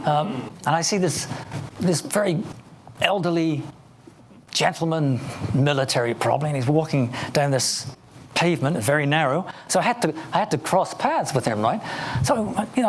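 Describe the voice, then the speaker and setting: A man's voice: a little high, slight background noise. A man with an English accent giving a motivational keynote to a live audience, telling stories playfully. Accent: English, Oxford area. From England. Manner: storytelling, playful, addressing the audience. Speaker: keynote speaker.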